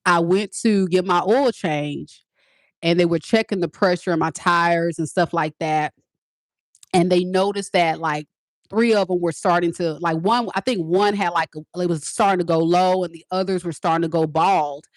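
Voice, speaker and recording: A woman, a teacher and tarot reader, casually telling her viewers a story in an animated, emphatic way, repeating lines for effect. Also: fairly low pitch, moderate pace, no room sound, clean studio sound. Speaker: tarot reader and spiritual advisor.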